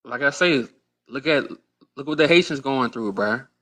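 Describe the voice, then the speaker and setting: A man delivers blunt opinion commentary in a played clip, pressing his points with repeated phrases and slang. His voice sits at a middle pitch. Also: animated, normal speed, a bit bright.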